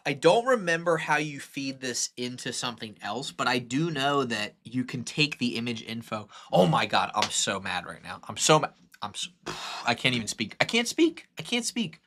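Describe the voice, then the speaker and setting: Excitable young man thinking aloud. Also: mid-range voice, moderate pace. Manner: excitable, rambling, lots of fillers and self-corrections. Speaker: streamer teaching 3D modeling. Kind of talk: live-stream tutorial, thinking aloud.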